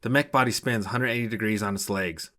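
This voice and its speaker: A man narrating a short story in a steady, even storytelling manner. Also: on the low side, fast talker, noisy background. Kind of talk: scripted narration.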